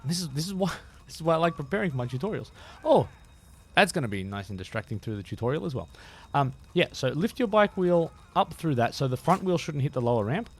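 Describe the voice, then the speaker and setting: Lively-pitched male game streamer. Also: fast, husky. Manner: chatty, self-deprecating, thinks aloud. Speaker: game streamer and tutorial host. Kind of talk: live-streamed gameplay tutorial.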